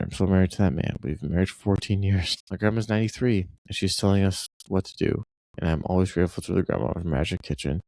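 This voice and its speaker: A man's voice: low voice, vocal fry, darkish tone, dry recording. A man reading a short story aloud and breaking off for loose, conversational asides, like a teacher walking a class through a text. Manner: conversational, loose asides between read passages. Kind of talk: reading aloud with casual commentary.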